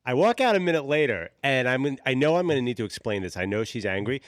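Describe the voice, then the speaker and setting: A man's voice: mid-range voice, animated, quick pace, no room sound, studio quality. A man who played the fake manager in a prank, earnestly telling how it went. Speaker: prank performer. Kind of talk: casual storytelling.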